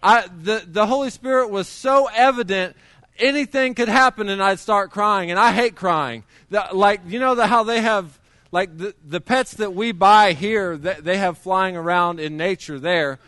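A man's voice: high-pitched, moderate pace, sharp tone, smooth, no room sound, clean studio sound. A middle-aged man preaching a sermon, telling his testimony in a conversational way with many restarts.

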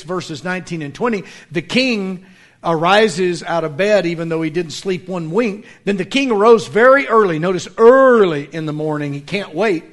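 A middle-aged man preaching a sermon, swinging between loud dramatic lines and hushed, slow asides. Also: high voice. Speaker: pastor.

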